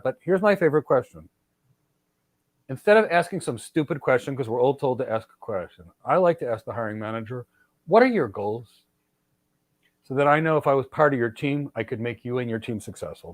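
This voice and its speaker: A man's voice: mid-range voice, no room sound. A middle-aged man hosting a podcast, giving career advice in an emphatic, lecturing way and often addressing listeners directly. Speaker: podcast host and cloud architecture mentor. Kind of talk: energetic advice talk.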